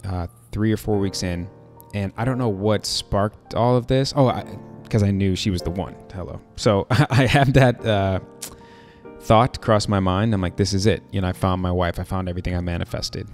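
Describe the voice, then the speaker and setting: Brief: low, gravelly male host, open and emotional, faint music underneath. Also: moderate pace. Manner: open, emotional storytelling with many fillers. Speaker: podcast host. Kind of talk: casual heartfelt conversation.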